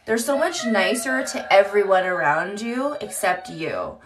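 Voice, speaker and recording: A woman's voice: medium pitch, sing-song, unhurried, slight background noise. Chatty woman live-streaming from home. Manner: chatty, swears freely, often laughs. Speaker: livestream host. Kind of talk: casual live-stream chat. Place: home, indoors. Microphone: phone.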